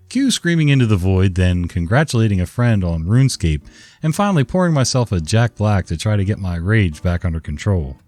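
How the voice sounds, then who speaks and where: A man's voice: on the low side, very animated, fairly quick, darkish tone, no room sound, soft background music. A man hosting a story channel who reads tech-support tales aloud in an exasperated, sarcastic way.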